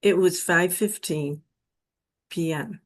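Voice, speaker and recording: A woman telling her personal near-death experience story in an earnest, emotional way. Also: on the low side. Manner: slow, earnest, emotional retelling.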